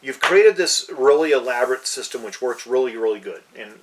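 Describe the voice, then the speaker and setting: A man's voice: medium pitch, expressive, fairly quick, far from the mic, a little hiss or hum, rough recording. A man co-hosting a casual podcast chat, easygoing and agreeable, chiming in and summing things up. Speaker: player and co-host.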